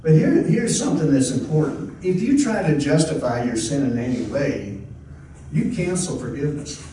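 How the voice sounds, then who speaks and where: A man's voice: fairly high pitch, big pitch swings, moderate pace, dark tone. A man preaching a sermon as pastor, in a folksy conversational way with frequent restarts. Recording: echoey hall, distant mic, faint noise.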